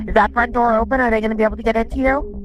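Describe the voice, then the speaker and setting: A woman emergency dispatcher giving calm, steady instructions and counting aloud, heard on an archival call recording with music beneath. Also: a little high, racing, lo-fi sound.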